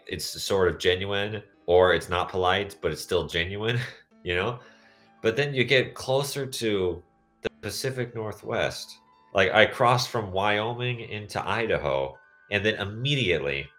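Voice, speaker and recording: Deep-voiced rambling young man. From United States. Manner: rambling, tangential, deadpan jokes. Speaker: podcast host. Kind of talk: casual podcast chat.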